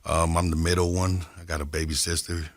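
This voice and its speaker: Deep gravelly-voiced man from Compton, easygoing interview guest, dry studio sound. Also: flat delivery, brisk, dry recording. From Compton, California. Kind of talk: casual interview talk.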